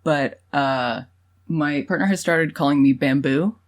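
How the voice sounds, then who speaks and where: A woman's voice: low voice, measured pace. A young adult woman co-hosting a podcast, telling personal stories in casual chat, with many ums and laughs. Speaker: podcast co-host.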